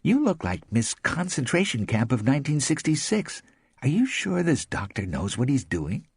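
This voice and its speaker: A male narrator voicing Joan, a blunt, pushy woman friend, in a clearly raised voice. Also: medium pitch, very animated, moderate pace, dry recording, clean studio sound, voice pushed up.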